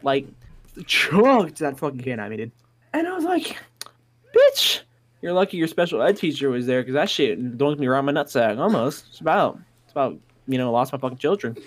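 A man's voice: a little high, fairly quick. Rowdy, foul-mouthed male storyteller. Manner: profane, rowdy, excitable anecdotes. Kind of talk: casual storytelling chat.

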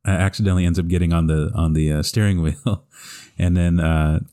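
Low, mellow-voiced man retelling movie scenes. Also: fairly even intonation, a little fast, clear, resonant tone. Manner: retells scenes with frequent laughter and fillers. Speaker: podcast co-host. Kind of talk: casual chat.

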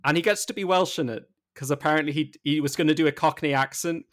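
A man's voice: a little high, quick pace, fairly bright tone, a little hiss or hum. A man co-hosting a podcast in casual chat, joking and restarting his sentences. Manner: chatty, jokey, self-interrupting. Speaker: podcast co-host.

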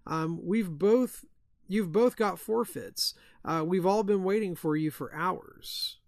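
A man voicing a loud, brash young man in a ghost story he reads aloud. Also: high voice, slow, creaky, no echo, clean studio sound, heavily acted.

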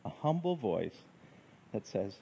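Soft-spoken pastor guy, gravelly and mellow, reflective sermon, takes his time. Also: lowish voice, sing-song, slight background noise, poor audio. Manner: gentle, reflective, unhurried phrasing.

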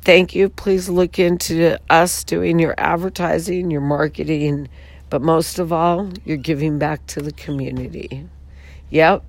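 A woman with a raspy, hoarse voice making an earnest, pleading pitch for her venture to donors and companies. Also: steady tone, measured pace, no room sound. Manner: pleading, heartfelt, frustrated. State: hoarse from talking all weekend. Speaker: founder pitching her water advertising venture. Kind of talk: earnest direct-to-camera pitch.

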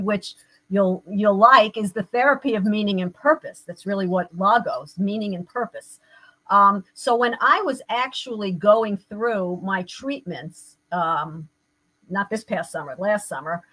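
A woman's voice: mid-range voice, a bit bright, low-quality recording. An older woman, a therapist and guest, telling her own story in an earnest, reflective way. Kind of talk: personal storytelling in an interview.

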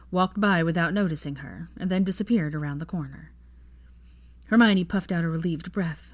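Woman, low voice, calm, even, storybook narration, fan fiction reading.

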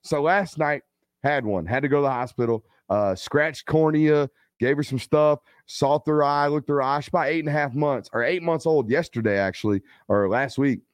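A man in his thirties hosting a live football show, chatting casually and telling stories with loose slang and quick asides. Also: a little high, dry recording. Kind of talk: casual live-stream chat.

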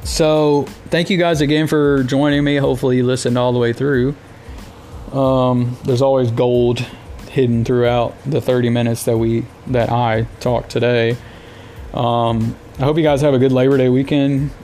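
A man's voice: mid-range voice, level tone, moderate pace, warm tone, soft background music. Rambling, exasperated American male podcaster. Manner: rambling, exasperated storytelling with filler words. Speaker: podcast host. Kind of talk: casual solo podcast monologue.

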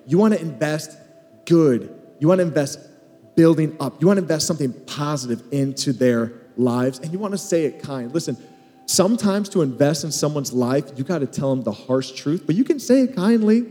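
A man's voice: a little high, expressive, a little fast, mellow. A man teaching at a conference, teasing and joking, speaking straight to husbands and wives in the audience. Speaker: podcast co-host speaking at a marriage conference. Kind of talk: conference talk with crowd asides. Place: conference stage in a large hall. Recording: live hall recording with long reverb.

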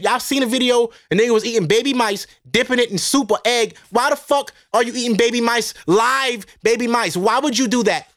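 A high-pitched man with a New York accent rants casually as a podcast host, profane and exasperated as he rambles from one gripe to the next. The recording is dry and close, with no room sound. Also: brisk, few pauses, a bit bright, dry recording. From Brooklyn, New York. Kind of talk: casual ranting monologue.

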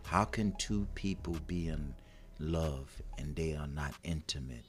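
A man's voice: extremely low pitch, measured pace, soft background music. A man co-hosting a talk show, speaking casually and emphatically, with slang and a stream of rhetorical questions. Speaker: advice show co-host. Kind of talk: casual on-air chat.

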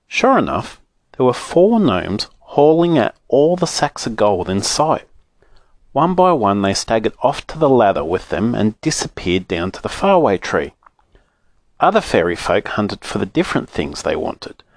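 A man reads a children's story aloud with an expressive, animated delivery. His pitch rises and falls a great deal around a middle level. The recording is dry and close. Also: no room sound.

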